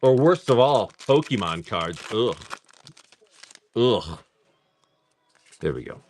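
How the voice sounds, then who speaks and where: A man hosting a live stream, rambling casually, swearing freely, and reading off card names in quick lists. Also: fairly low pitch, sing-song, a little hiss or hum. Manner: rambling, swears freely, laughs often at chat. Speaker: live-stream host opening card packs.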